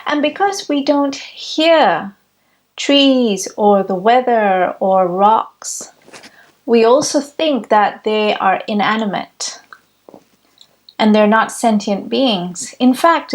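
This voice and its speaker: A woman giving a reflective spiritual teaching talk, with measured, deliberate phrasing. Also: on the high side. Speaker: spiritual speaker.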